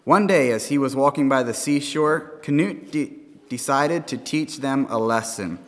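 Guy preaching in church, mid pitch, kinda halting, lots of hall echo. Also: fairly bright tone. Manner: earnest, halting, with restarts. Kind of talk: sermon. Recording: long hall reverb.

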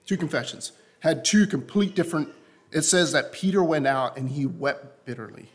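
A man preaching a sermon to a congregation, impassioned and repetitive, often dropping to a soft, low voice. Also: a little fast.

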